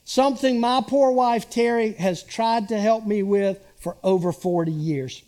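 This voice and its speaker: A pastor in his sixties delivers a sermon, talking with his congregation as much as to it and checking in with rhetorical questions. He is a man with a high-pitched voice and an unhurried, deliberate pace. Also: darkish tone.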